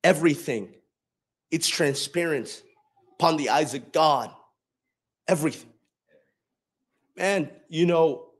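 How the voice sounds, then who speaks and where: A young male preacher with a high voice gives a personal testimony from the pulpit as a sermon. He sinks into quiet reflection, then climbs into loud, shouted emphasis that carries off the microphone across the church.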